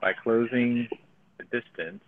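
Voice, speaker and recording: A man's voice: mid-range voice, slow, phone-quality sound, background noise. A man giving casual, profane live commentary on his own gameplay, thinking aloud as he plays. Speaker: gaming streamer.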